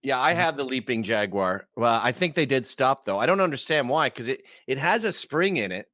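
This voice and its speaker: A man's voice: medium pitch, lively intonation, normal speed, bright, forceful tone, no echo, studio quality. A man guesting on a podcast, telling crude, rambling stories in casual chat.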